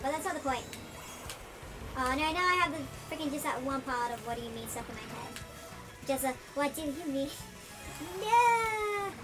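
Gaming host, chipmunk-shifted squeaky voice, chatty and excitable, loud game music underneath. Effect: chipmunk pitch-shifted voice. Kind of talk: casual let's-play commentary.

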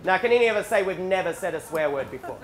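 A man with an Australian accent, a stand-up comedian telling animated stories about his upbringing with shouted bursts. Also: high voice, quick pace. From rural South Australia. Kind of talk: stand-up storytelling. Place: theatre stage before a live audience. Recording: roomy stage sound with faint ambience.

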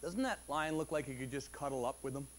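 A man preaching a Sunday sermon as pastor, animated and conversational, with frequent restarts and rising emphasis. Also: medium pitch, fast talker, a little hiss or hum. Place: church service.

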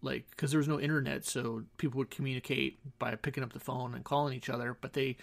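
Gravelly-voiced man telling rambling stories. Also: medium pitch, fairly even intonation, quick pace. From Southern California. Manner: rambling, self-interrupting, wry asides. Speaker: podcast host. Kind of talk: casual storytelling monologue. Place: home studio. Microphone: studio microphone.

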